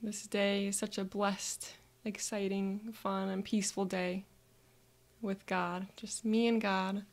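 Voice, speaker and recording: Woman guiding a visualization, soft and calm, bit of vocal fry, drops to breathy whispers. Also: medium pitch, slow. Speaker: guide. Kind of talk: guided visualization narrated in first person.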